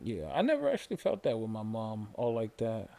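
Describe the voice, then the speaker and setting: A man's voice: lowish voice, wildly swooping pitch, brisk, vocal fry, dark tone. A man hosting a podcast, talking in a laid-back, slangy and supportive way. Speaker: podcast host. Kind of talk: casual conversation.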